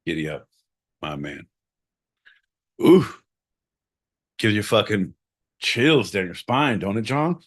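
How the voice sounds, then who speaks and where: A man's voice: lowish voice, big pitch swings, takes it slowly, long pauses. Crude, boisterous podcast host man. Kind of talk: casual podcast chat.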